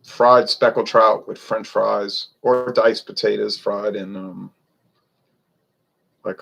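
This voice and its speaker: A man's voice: lowish voice, creaky, rough recording. A man, chatting loosely and rambling through a casual beer review. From Louisiana. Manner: rambling, chatty, wanders off topic.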